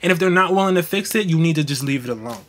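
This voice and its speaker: A man's voice: a little high, racing. A young man, hosting a casual astrology livestream in a blunt, profane, slangy way. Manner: blunt, slangy, profane, animated with mocking quoted voices.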